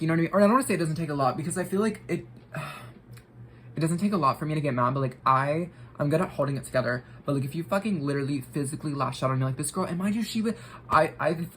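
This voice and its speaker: A woman's voice: extremely low pitch, slight background noise, poor audio. A young woman vlogger telling a story while getting ready, rambling with lots of filler words and swearing.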